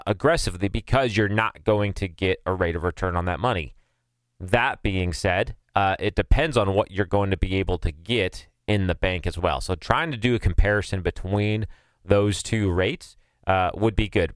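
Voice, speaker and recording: A man's voice: on the low side, smooth, no room sound. A man, co-hosting a money podcast, giving advice in a casual chat and thinking aloud with lots of fillers. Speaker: podcast co-host.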